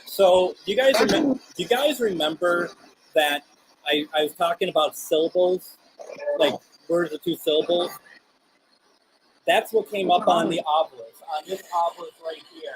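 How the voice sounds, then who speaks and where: A man hosting a live paranormal show, calmly coaxing spirits with questions and frequent hesitations. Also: fairly high pitch, moderate pace, slight background noise, low-quality recording. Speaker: paranormal radio show host. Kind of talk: live spirit box session, addressing spirits and chat.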